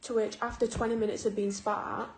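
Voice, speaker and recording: A woman, a mother, calmly and wearily recounting a hard day at home. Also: a little high, fast. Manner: calm, weary recounting. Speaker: single mother. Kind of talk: casual vlog. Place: home, indoors. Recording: echoey room, faint noise.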